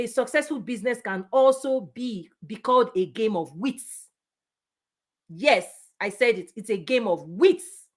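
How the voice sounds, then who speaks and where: A woman business coach giving a forceful motivational talk, repeating punchy phrases and laughing often. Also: on the high side.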